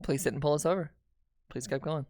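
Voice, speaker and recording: A woman's voice: low-pitched, fast, dark tone, no echo, clean studio sound. A young woman streamer telling a painful family story in casual, candid talk, swearing and restarting often.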